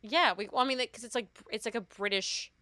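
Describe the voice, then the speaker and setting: A woman's voice: on the high side, fast talker, sharp tone, no room sound, clean studio sound. A young Australian woman with an Australian accent, chatting casually as a guest, rambling and self-deprecating with frequent laughs. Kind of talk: casual chat.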